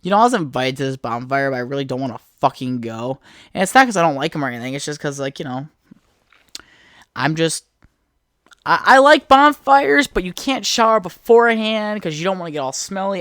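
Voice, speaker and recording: A man's voice: a little high, a bit bright, smooth, no room sound, clean studio sound. A man hosting his own podcast from his apartment, rambling crudely and profanely from one thought to the next. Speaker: podcast host. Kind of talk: solo casual podcast rant. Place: apartment room.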